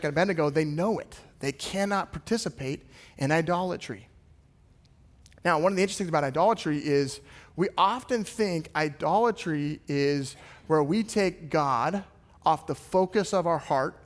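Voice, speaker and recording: A male pastor preaching a sermon, retelling a scripture story in a lively, casual storytelling way. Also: a little high. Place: church sanctuary. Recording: long reverb of a large hall.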